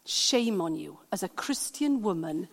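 A woman's voice: lowish voice, animated, a little slow, creaky, voice pushed down. A woman quoting a blunt, stern Welsh woman near eighty, in a firm, scolding way. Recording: long hall reverb.

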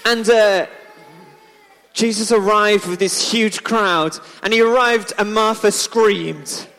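Playful storyteller for a church children's talk; high voice, big hall reverb. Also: male voice, slow, creaky, fairly bright tone. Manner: chatty, playful, asks the audience questions. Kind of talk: lively storytelling to a congregation. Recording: echoey hall.

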